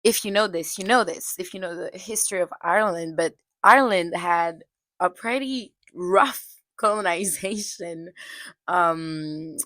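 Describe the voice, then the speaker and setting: A woman's voice: fairly low pitch, a little slow, sharp tone, dry recording. A young woman giving a casual, chatty film review, full of "like" fillers. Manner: chatty, heavy use of "like" fillers, occasional laughs. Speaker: movie reviewer.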